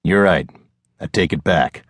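A man voicing a lean, easygoing male outlaw with a slight Irish brogue, speaking in a teasing, relaxed way. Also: low-pitched, a little slow, no echo, clean studio sound.

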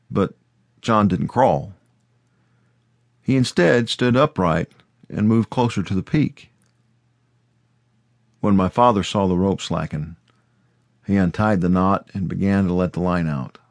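Deep, steady male audiobook narrator. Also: no echo. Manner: measured, steady storytelling. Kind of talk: first-person scripted narration.

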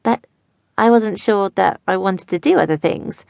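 A woman's voice: mid-range voice, unhurried, vocal fry, darkish tone, dry recording, studio quality. A woman narrating a first-person audiobook in a wry, chatty way. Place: studio.

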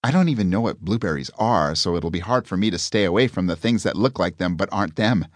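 A man's voice: low-pitched, animated, fast, no echo, clean studio sound. A man voicing a prim, courteous young woman in an audiobook, speaking with formal phrasing. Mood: explaining.

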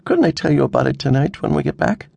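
Nervous young daughter, pleading and earnest, pitched well up, as a male narrator puts her on. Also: animated, quick pace, creaky, a little mellow, no echo.

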